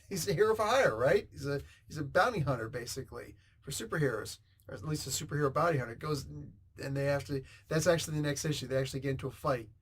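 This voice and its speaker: A man hosts a comic book review, retelling the plot casually. He rambles with excitement, throws in sound effects and wanders into tangents. His voice sits a little higher than most men's.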